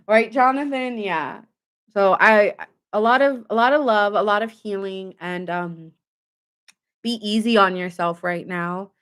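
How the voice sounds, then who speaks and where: A woman's voice: medium pitch, slow pace, a bit bright, clear, resonant tone. A young adult woman giving a casual tarot reading to camera, talking emphatically with lots of filler words and open indignation. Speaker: tarot reader.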